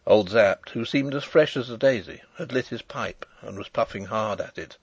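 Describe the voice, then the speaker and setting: A man narrating an audiobook chapter in expressive storytelling style. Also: on the low side, moderate pace, slightly rough, no echo. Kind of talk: scripted narration.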